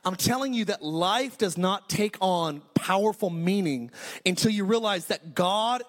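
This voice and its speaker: A pastor with a notably high voice preaches a sermon at an unhurried pace with lively intonation. He drives his points home emphatically, circling back and restarting phrases as he builds.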